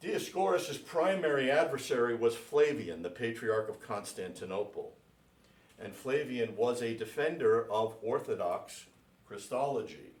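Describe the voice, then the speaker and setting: A priest giving a classroom lecture, speaking slowly and deliberately and spelling out names letter by letter for his class. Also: mid-range voice. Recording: echoey room, mic at a distance.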